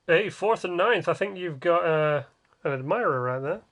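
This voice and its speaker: A man's voice: fairly high pitch, lively intonation, normal speed, fairly bright tone. A man casually commenting while building in a game livestream, joking and grumbling in a rambling way. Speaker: game streamer.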